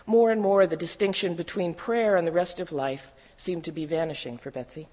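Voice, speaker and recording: A reader steadily narrating a first-person memoir in a measured storytelling voice. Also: mid-range voice, a little mellow. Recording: long hall reverb.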